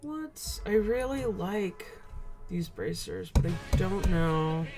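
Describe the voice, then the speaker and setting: A man chatting casually on a live stream while he paints miniatures, rambling and hesitant. His voice is high and his pace slow. Faint music plays underneath. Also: expressive.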